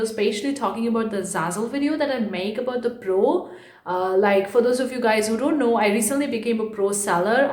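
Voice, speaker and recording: A young woman vlogging casually to camera about her online art business, chatty and repetitive, a fast talker by habit. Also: fairly high pitch, darkish tone, reverberant. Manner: chatty, repeats herself, fast-talking by habit. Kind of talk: casual vlog talk to camera.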